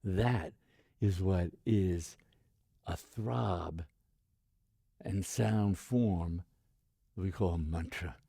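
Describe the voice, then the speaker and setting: A man, a meditation teacher, giving a guided meditation talk, speaking slowly and softly and repeating phrases like a chant. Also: deep voice, creaky, slightly rough, dry recording, clean studio sound. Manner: slow, soft-spoken, repeats phrases like a chant.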